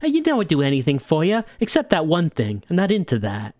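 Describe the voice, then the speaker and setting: A man's voice: fairly high pitch, wildly swooping pitch, fast talker, darkish tone, no echo. Brief: man doing a swaggering mob boss in a crime game, clipped slang, dry close mic. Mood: brash. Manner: tough-guy slang, clipped. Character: cocky young male mob boss, brash and smooth.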